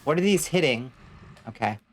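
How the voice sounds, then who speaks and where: Deep and expressive, this young adult woman's voice keeps a moderate pace as she streams a game. She chats casually, reading viewer messages aloud and answering with dry, blunt riffs laced with frequent swearing.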